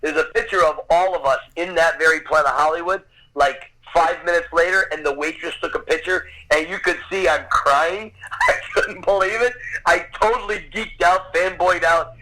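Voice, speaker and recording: A man's voice: on the high side, moderate pace, bright, forceful tone, a little hiss or hum, poor audio. A man in his fifties, a podcast guest telling a vivid personal story, swearing casually as he goes. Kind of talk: animated anecdote telling.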